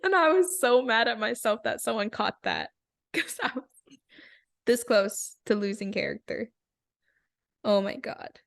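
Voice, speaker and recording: A young woman co-hosting a podcast, chatting casually and telling animated stories with frequent giggles. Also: a little high, moderate pace, vocal fry. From rural area. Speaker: podcast co-host. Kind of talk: casual chat.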